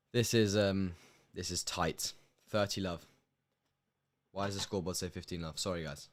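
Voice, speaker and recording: Emotional young man doing live commentary. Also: deep voice. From United Kingdom. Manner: emotional, swings from hushed to loud bursts.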